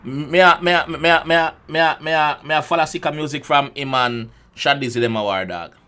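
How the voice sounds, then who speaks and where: Jamaican male reaction host: casual, excitable commentary, stop-start delivery, sharp bright tone. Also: on the high side, brisk, smooth. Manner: excitable, repeats words and restarts often.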